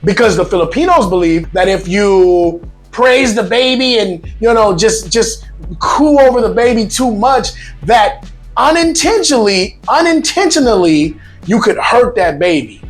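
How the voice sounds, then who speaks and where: A man hosting a casual vlog, talking to viewers in a lively, joking way with emphatic asides. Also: high-pitched, unhurried, faint music behind. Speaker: vlog host.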